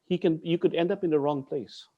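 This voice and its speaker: A man's voice: fairly high pitch, fairly quick, dull audio. A man from the Philippines, a martial arts instructor, telling stories bluntly and swearing freely, with Tagalog curses mixed in. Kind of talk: animated storytelling.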